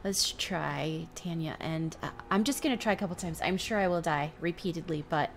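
A young woman talks through a video game in a casual, excitable way, tripping over her words when she gets flustered. Her voice sits slightly low. A faint hiss runs under the recording. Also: moderate pace, gravelly. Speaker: gameplay host. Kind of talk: casual let's-play commentary.

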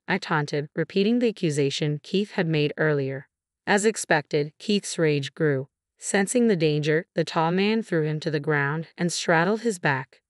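A woman with a notably low voice tells a first-person story in a steady, measured narration. Her delivery stays even from line to line. The recording is dry and close, with no room sound. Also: no echo.

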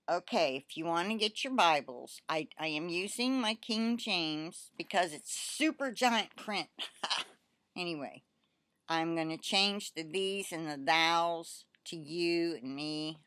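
An older woman slowly reading aloud a message she says she received in prayer, with asides between passages. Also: lowish voice, no echo. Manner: slow, deliberate reading with soft emphasis and asides. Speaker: Christian prophetic message reader. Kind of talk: reading a received prophecy aloud, then commenting.

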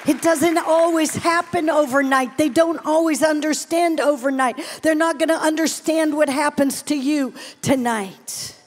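Slow, high-voiced woman preaching. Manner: animated, playful, shifts between exclamations and hushed tones. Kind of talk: sermon with personal testimony. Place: large event hall, live audience.

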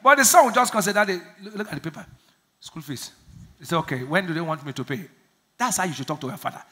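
A man's voice: fairly high pitch, lively intonation, fast, pushed and bright. A man preaching a sermon as pastor, laughing often and calling out for the congregation to answer back. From Nigeria. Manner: laughing, call-and-response preaching; acts out prayers in small voices.

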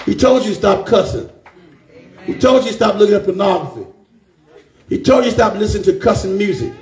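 A man preaches a fervent sermon with a high-pitched voice. His tone has a gravelly rasp, and he keeps calling out to his congregation. The sound echoes around a roomy church.

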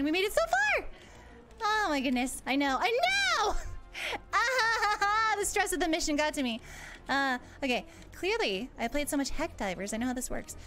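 A woman streaming a game, chatting casually with her viewers in a playful, giggly way with mock panic. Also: high-pitched. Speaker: VTuber streamer. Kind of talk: casual gameplay livestream.

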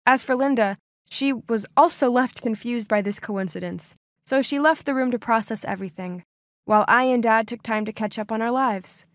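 A woman's voice: a little high, moderate pace, no room sound, studio quality. A young woman narrating a dramatic first-person story with lots of exclamations.

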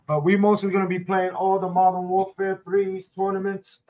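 Young New York man, slightly higher voice, casual streamer chatter full of slang and filler. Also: completely flat delivery, normal speed, lo-fi sound. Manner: slangy, loose, many ums and restarts. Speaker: streamer host. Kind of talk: casual chat.

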